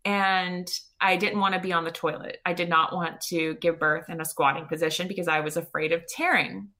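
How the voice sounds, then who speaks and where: A woman guest on an interview show, telling her own story in a lively, chatty way with lots of "you know" and "like". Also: lowish voice, a little fast. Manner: lively retelling with many "you know" and "like" fillers. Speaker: podcast guest. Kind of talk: personal storytelling.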